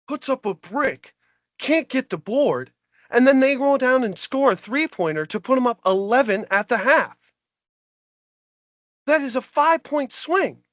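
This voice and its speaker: Brief: male podcast co-host, high voice, dry close sound, fired-up exasperated ranting. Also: fairly bright tone, no echo. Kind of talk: heated sports rant.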